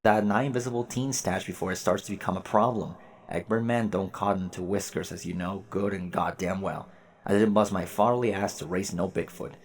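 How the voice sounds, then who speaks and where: Man doing a gruff, crude old-school dad. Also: sits low, fairly quick. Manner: gruff, mock-solemn, quiet. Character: stern, crude middle-aged father.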